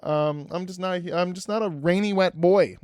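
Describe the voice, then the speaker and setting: With a high-pitched, somewhat mellow voice at an ordinary pace, a young man runs a podcast of casual chat. He wanders off track, restarts often, and tends to put himself down.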